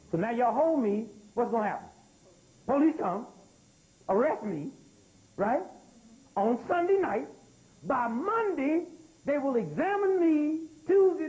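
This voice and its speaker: Animated older man lecturing a crowd. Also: sits high, a little hiss or hum, poor audio. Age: 60s. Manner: animated, calls out to the crowd for responses; emphatic, repeats key words. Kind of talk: live lecture to an audience. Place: lecture room with audience.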